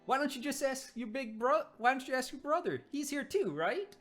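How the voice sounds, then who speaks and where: A woman's voice: high-pitched, animated, a little fast, a bit bright, faint music behind, pitched above the performer's own voice. A woman voicing a flustered young boy who insists girls are annoying, stammering and repeating himself. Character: flustered boy denying his crush.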